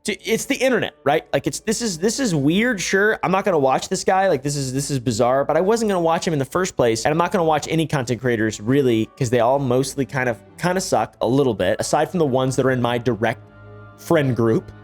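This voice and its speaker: A man's voice: medium pitch, lively intonation, fairly quick, soft background music. A man doing YouTube reaction commentary, ranting and swearing in an irritated way.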